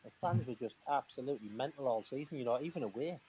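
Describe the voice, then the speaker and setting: A chatty man spins anecdotes in a live talk-in, his voice sitting at an ordinary middle pitch. He laughs between lines and acts out both sides of old conversations, stumbling and restarting as he goes. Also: lively intonation, mellow, a little hiss or hum. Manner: chatty and laughing, acting out quoted dialogue; halting restarts and fillers. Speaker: guest, former footballer. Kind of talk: casual storytelling on a live talk-in.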